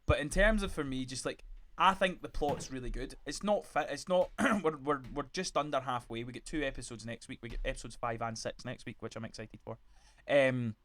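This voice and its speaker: A man's voice: mid-range voice, brisk, a bit bright, a little hiss or hum. A man hosting a casual podcast chat, arguing his side and cutting in with many restarts. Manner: argumentative, interrupts, many restarts. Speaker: podcast host.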